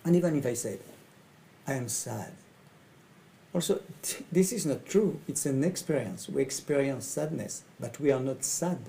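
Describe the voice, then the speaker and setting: A middle-aged man from France with a French accent, a coach speaking in halting English and often repeating his phrases. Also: medium pitch, lively intonation, gravelly, mellow, rough recording. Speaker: coach and facilitator. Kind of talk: speaking to camera about his training.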